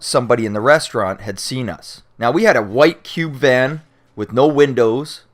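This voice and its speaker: Casual young Canadian man telling a story. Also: mid-range voice. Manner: animated, acts out shouting cops and panicked friends; swears freely, many fillers and restarts. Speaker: YouTuber answering viewer questions.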